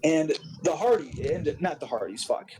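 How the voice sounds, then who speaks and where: A man's voice: fairly high pitch, expressive, normal speed, echoey room, poor audio. A man hosting a casual chat, recapping a wrestling show, rambling, restarting his sentences and swearing often.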